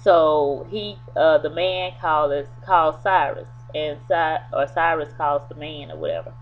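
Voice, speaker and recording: A woman's voice: low-pitched, animated, a little slow. A woman casually retelling a TV episode in a loose, rambling way, full of fillers. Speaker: TV episode reviewer. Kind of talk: casual spoken episode recap. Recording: tinny phone-like sound with faint hum.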